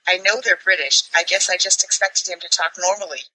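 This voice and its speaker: A woman's voice: fairly low pitch, fairly quick, sharp tone, no room sound, rough recording. A woman giving chatty, laughing commentary as a fan. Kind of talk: casual chat.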